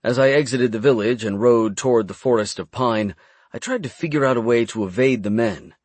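A man reading a first-person fantasy adventure audiobook in a brisk storytelling manner. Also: mid-range voice, darkish tone, no room sound. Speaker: audiobook narrator.

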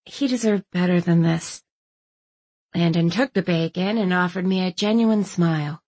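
A woman's voice: fairly low pitch, normal speed, darkish tone. Woman narrating a wry audiobook. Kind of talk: first-person scripted narration.

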